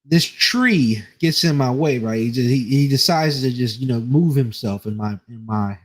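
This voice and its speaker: A man's voice: mid-range voice, normal speed. A man on a podcast telling a rambling, profane story in casual chat, laughing as he goes. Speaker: podcast co-host.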